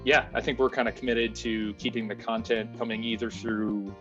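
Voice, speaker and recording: A man's voice: medium pitch, flat delivery, moderate pace, a bit bright, dull audio, soft background music. A man developer explaining plans for his game in casual chat, with hesitant fillers.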